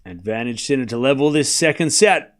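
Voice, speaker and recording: A man streaming a tennis watchalong, calling every shot in rapid play-by-play and bantering teasingly with his chat. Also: medium pitch. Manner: rapid rally calling, bursts into excited shouting on big points. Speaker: live tennis watchalong commentator. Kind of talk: live stream play-by-play commentary.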